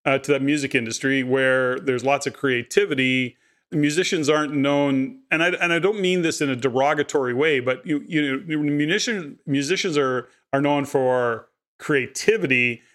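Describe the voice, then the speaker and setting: A man's voice: mid-range voice, normal speed, fairly bright tone. A man who hosts a podcast and asks long, thoughtful questions full of "you know". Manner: thoughtful, rambling questions with many fillers. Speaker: podcast host. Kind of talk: interview questions.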